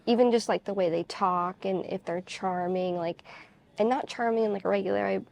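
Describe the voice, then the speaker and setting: Woman vlogger, deep vocal fry and a mellow tone, confessional and rambling, filler-heavy. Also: fairly even intonation, normal speed. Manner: candid, confessional storytelling. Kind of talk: casual chat to camera.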